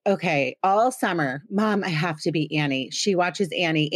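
A woman in her thirties hosts a podcast in a chatty, teasing and self-deprecating way. Her voice sits a little low, and the sound is dry and close with no room echo. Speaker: podcast host. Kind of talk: casual chat.

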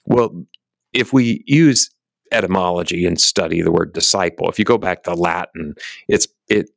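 Deep gravelly man teaching casually. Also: moderate pace, no room sound. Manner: rambling, self-deprecating, frequent restarts. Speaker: speaker teaching a talk.

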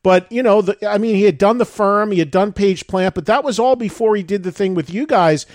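A man's voice: high voice, fairly quick, a little mellow, no echo, clean studio sound. A man hosting an interview, asking long, rambling questions and thinking aloud. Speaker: radio and podcast host. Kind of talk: interview chat.

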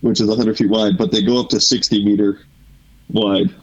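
A man's voice: lowish voice, steady tone, brisk, lo-fi sound. A man explaining something plainly as a guest in casual chat.

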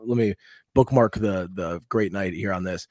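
A man co-hosting a casual comedy podcast, telling animated stories and acting out what people said in raised voices. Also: sits low, normal speed, no room sound, studio quality. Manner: animated storytelling, acts out quotes in raised voices. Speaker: podcast co-host.

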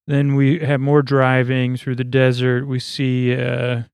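A man's voice: mid-range voice, completely flat delivery, takes it slowly, a little mellow, smooth, dry recording, studio quality. A man hosting a podcast, recapping a show in a meandering, filler-heavy way. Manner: rambling, lots of fillers and asides. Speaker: podcast host.

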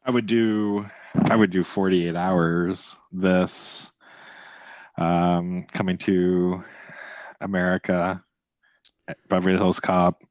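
Low-voiced man on a podcast. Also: little pitch movement, takes it slowly, long pauses, dry recording, dull audio. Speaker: podcast co-host. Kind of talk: casual movie podcast chat.

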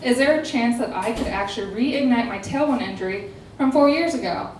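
A young adult woman telling a personal story in casual chat, animated and dramatic, acting out quotes with laughing asides. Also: a little high, brisk, recorded from a distance, slight background noise. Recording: echoey room, voice off-mic.

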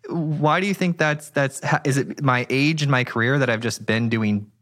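A man's voice: mid-range voice, normal speed, a bit bright. A man hosting a podcast, asking a rambling question with a laugh in his voice. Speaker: podcast host. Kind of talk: casual interview question.

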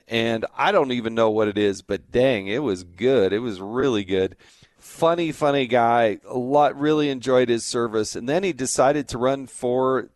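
A man's voice: medium pitch, dry recording, clean studio sound. A man from the American West hosting a talk show, folksy and emphatic in a casual way. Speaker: host.

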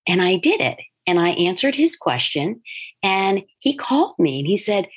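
Husky middle-aged woman podcasting. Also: mid-range voice, normal speed. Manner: animated storytelling, acts out quoted voices. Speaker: podcast host, designer. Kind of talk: casual solo podcast talk.

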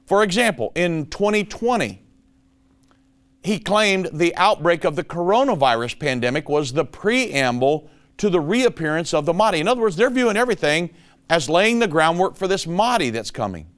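A man's voice: on the high side, big pitch swings, moderate pace, fairly bright tone. A man hosting a prophecy commentary show, talking emphatically and calling his listeners folks. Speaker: show host.

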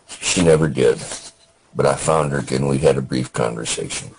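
An older man, a veteran guest, telling his war memories in a halting, plainspoken way with many restarts. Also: extremely low pitch, vocal fry, a little hiss or hum, poor audio.

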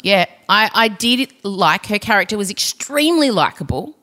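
A woman host talks through a movie in loose, opinionated podcast chat. She rants happily and restarts her sentences as her thoughts run ahead. Her pitch sits mid-range for a woman. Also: big pitch swings, normal speed, bright, forceful tone. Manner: chatty, opinionated, ranting with restarts. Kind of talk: casual film review chat.

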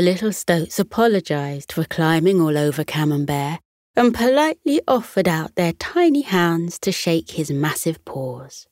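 A British woman narrating a children's bedtime story in a soft, soothing manner. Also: lowish voice, big pitch swings, a little slow, no room sound, studio quality.

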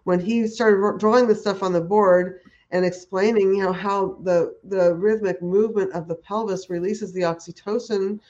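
A woman's voice: medium pitch, steady tone, normal speed, few pauses, darkish tone. A woman guest talking enthusiastically in a conversational interview, rambling with many restarts and fillers. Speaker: guest who works with horses. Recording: dull lo-fi audio.

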